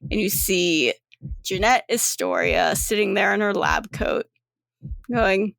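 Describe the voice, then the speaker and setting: A woman's voice: mid-range voice, slow pace, gravelly, a bit bright, dry recording. A woman running a tabletop game, narrating the scene with lots of fillers and laughs. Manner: laughing, filler-heavy storytelling. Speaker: game master.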